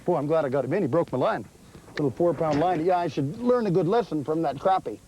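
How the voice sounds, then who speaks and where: A man hosting a fishing show from a boat, chatting excitedly and laughing as he reels fish in. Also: a little high, quick pace, low-quality recording. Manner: excitable, exclaiming and laughing while reeling in fish. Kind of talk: casual on-the-water fishing chat. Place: outdoors on a boat on a lake. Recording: 1980s VHS field audio with light noise.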